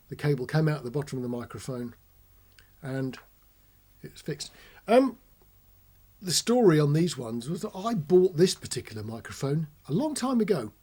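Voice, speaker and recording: A man's voice: a little high, breathy edge. Man explaining gear in a chatty way. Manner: chatty, demonstrates whispering and shouting into the mic. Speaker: host demonstrating audio gear. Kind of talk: informal technical explainer. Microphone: close ribbon commentary mic.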